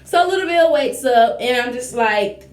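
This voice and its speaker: Young woman, slightly high voice, casual storyteller who acts out dialogue, roomy echo. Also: expressive, moderate pace. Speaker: vlogger.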